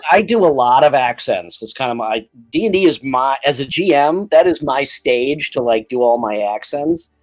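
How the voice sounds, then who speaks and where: A man in his forties chatting casually on a podcast, animated and quick to laugh, swearing freely. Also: mid-range voice, no room sound. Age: 40s. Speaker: podcast co-host and game master.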